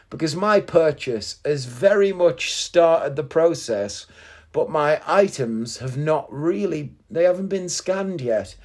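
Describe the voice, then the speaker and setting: A man's voice: on the high side, a little mellow. A man telling a story as a casual monologue in an indignant, sarcastic ranting way. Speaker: podcast host.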